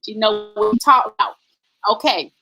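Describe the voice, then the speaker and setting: A woman hosting a faith-based live stream, reading out viewer comments with lively, sing-song greetings. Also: medium pitch, moderate pace, rough recording. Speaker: host.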